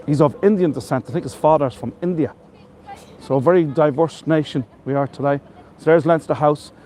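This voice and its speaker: This Irish tour guide speaks a little fast in a slightly high voice with a dark tone. Chatty and enthusiastic, he walks viewers through city streets on a live tour, shouting them out and praising the buildings with superlative after superlative, over faint street and traffic noise.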